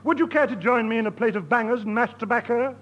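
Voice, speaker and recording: A man's voice: very high voice, quick pace, muffled recording, slight background noise. A man playing a pompous, bumbling courtier in a radio comedy sketch.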